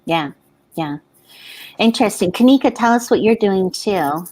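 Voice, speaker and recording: A woman's voice: mid-range voice, lively intonation, moderate pace, darkish tone. A woman co-hosting a writing livestream, chatting casually and reading out viewer comments.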